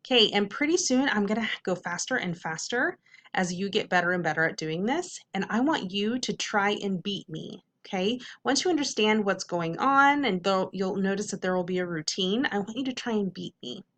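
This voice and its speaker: A woman teacher leading a phonics lesson for kids, patiently drilling the vowels and slowly sounding out syllables. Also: medium pitch, lively intonation, a bit bright. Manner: patient, repetitive classroom drills.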